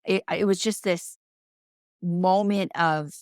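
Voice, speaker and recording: A woman's voice: lowish voice, animated, normal speed, no room sound, clean studio sound. A woman, a podcast guest, telling her personal story in an earnest, heartfelt way with frequent restarts.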